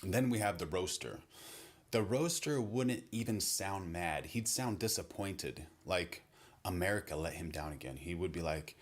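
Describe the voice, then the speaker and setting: A man giving a measured, wry comedy breakdown monologue. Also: low voice, lively intonation. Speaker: comedy commentator.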